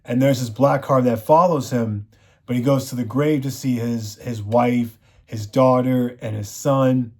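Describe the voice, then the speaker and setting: A man's voice: mid-range voice, fairly even intonation, measured pace. A man reviewing a TV show, recapping the plot in a rambling, casual way, full of "you know" fillers.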